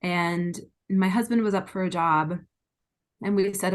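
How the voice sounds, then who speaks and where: A woman's voice: fairly low pitch, measured pace. A middle-aged woman, an interview guest, telling her personal story in an earnest, frank and emotional way. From United States.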